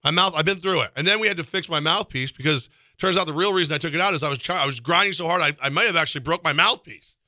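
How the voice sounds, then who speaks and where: A quick-talking man with a very bright, forceful voice tells a rambling story in casual chat and restarts his sentences often. He mocks himself as he goes and chews gum. The sound is dry and close, with no room around it. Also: fairly high pitch, no echo. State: chewing gum. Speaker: sports radio co-host.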